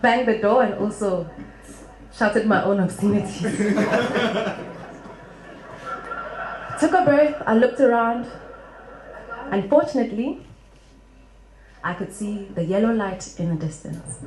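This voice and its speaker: Woman, live storyteller, humorous, expressive, slow pace, echoey hall, background music. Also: mid-range voice. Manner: humorous, expressive, laughs often.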